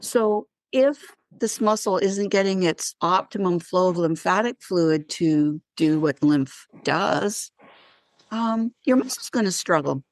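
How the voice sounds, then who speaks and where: A woman who works as a wellness practitioner tells stories in a conversational interview, her lowish voice slow and dryly recorded. She is animated and acts out the dialogue within her anecdotes.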